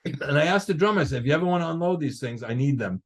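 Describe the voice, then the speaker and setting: Older man telling lively stories. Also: fairly high pitch, very fast. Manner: animated, acts out other people's lines in his stories. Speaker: guest drummer. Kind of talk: casual storytelling interview.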